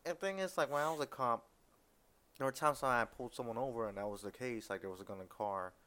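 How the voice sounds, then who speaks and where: A man's voice: medium pitch, quick pace, pushed and bright. A man who is a former police officer, hosting a casual podcast interview in an easygoing conversational way.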